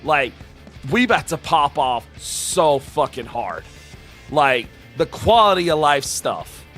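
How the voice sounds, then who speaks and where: A man live-streaming, talking with chat in a loud, profane, hyped-up way and dropping into quieter, heartfelt asides between whoops. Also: a little high, sing-song, slow, faint music behind. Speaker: live-streamer reacting to game announcements. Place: home streaming room with shelves of games.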